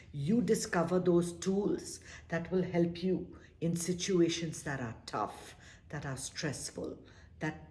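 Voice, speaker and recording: A woman leading a meditation class, talking earnestly and coaxingly about staying calm, sometimes acting out short quoted exchanges. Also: sits low. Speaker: meditation teacher.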